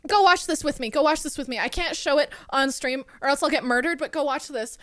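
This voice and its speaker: A high-pitched young-sounding woman streaming from home, chatting with viewers in a bubbly, excitable way. Her voice is close and dry, with no room sound around it. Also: a little fast, no room sound. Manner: excitable, giggly, swears casually. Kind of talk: casual live-stream chat.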